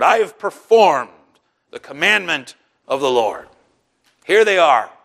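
A man delivers a sermon in a fairly high voice. He preaches with animation, pushing his pitch and volume up sharply to drive points home and slipping into sarcastic asides. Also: a bit bright. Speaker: pastor.

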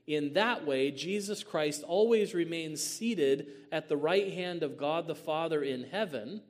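Man teaching theology, swells to booming. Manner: measured, many "um"s, rising to booming emphasis.

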